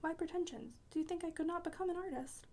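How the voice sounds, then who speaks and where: A persistent young married woman, voiced by a woman reader. She pleads and insists in a high, brisk voice, asking again and again in a storybook scene. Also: dark tone.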